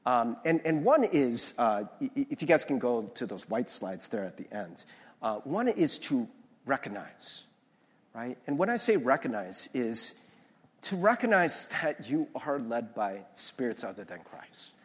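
A man preaching a sermon as pastor, lively and conversational, often asking the audience to follow along. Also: mid-range voice, a little slow, husky. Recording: long reverb of a large hall.

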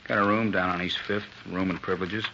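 A man's voice: low voice, fairly even intonation, fast talker, sharp tone, a little hiss or hum. An actor playing a shifty, evasive male salesman being questioned, in a 1950s radio crime drama, on a lo-fi old broadcast. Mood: sullen evasive. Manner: evasive, sullen, slangy tough-guy talk. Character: shifty defensive male door-to-door lot salesman suspect.

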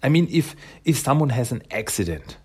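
A man's voice: medium pitch, very animated, brisk, a little mellow, breathy edge. A man recapping a comic book issue in casual speech, hesitant and emotional. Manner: hesitant, emotional, many fillers and restarts.

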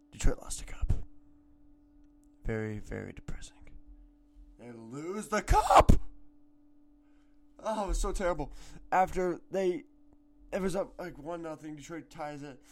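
Teen boy, solo sports podcast, rambling, excitable, shouts now and then, home mic. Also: fairly high pitch. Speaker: podcast host. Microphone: home microphone.

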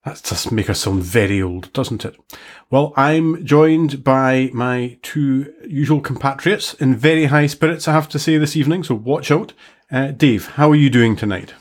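A man with a slightly husky, breathy voice co-hosts a relaxed tech podcast. He chats casually, undercutting his own points with dry, self-mocking humour at a middle pitch. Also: moderate pace. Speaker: podcast co-host. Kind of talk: casual chat.

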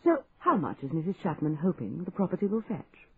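A sharp-tongued, determined young woman, as a male reader puts her on, brisk and cutting with a lively, rising voice. The sound is tinny and phone-like, with a faint hiss behind it. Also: sits high, pitched above the performer's own voice. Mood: brisk, indignant. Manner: brisk, cutting, mock disbelief. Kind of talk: audiobook dialogue.

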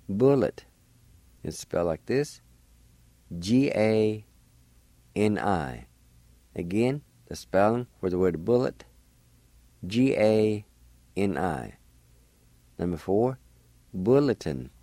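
A man hosting a radio language lesson, slowly spelling words letter by letter and repeating each one. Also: on the low side, warm tone, no echo. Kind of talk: slow spelling and pronunciation lesson.

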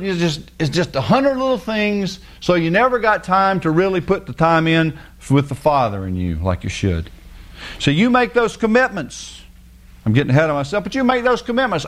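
A man preaching a casual, folksy sermon in plain everyday words. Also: on the high side. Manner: folksy, plain-spoken, mimics people with sing-song voices.

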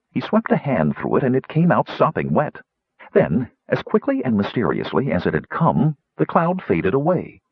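Husky male storyteller, lively pitch. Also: no room sound. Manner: expressive, voicing many characters. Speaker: audiobook narrator. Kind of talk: scripted fantasy narration. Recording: dull lo-fi audiobook recording.

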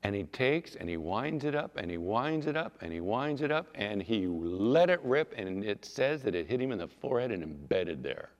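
A man preaching a sermon as a pastor, telling the story with animated, acted-out storytelling. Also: on the low side, moderate pace, few pauses, highs cut off. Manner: animated storytelling, acting out scenes. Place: church sanctuary. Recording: long hall reverb.

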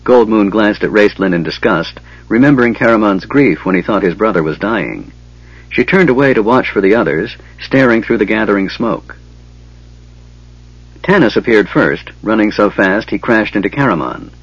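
A man narrating an audiobook in a steady, even reading. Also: on the low side, normal speed, breathy edge, no room sound. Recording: dull lo-fi, dry.

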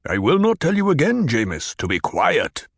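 A man doing a stern desert chieftain, slow and grave. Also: medium pitch, sing-song, vocal fry, dry recording, clean studio sound, full character voice. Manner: measured, slow, authoritative. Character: stern commanding desert tribal leader, tall man. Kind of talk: audiobook character voice.

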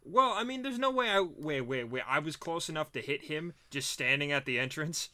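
A man's voice: a little high, animated, a little fast, pushed and bright. Flustered, stammering young man. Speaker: tabletop game player. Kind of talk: casual game chat.

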